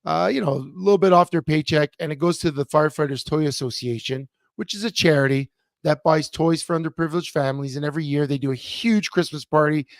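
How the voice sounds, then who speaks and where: Man co-host, animated storyteller, slightly high voice, dry sound. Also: fast, dry recording. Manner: animated storyteller, many fillers and restarts. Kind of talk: casual sports talk show chat. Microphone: remote computer mic.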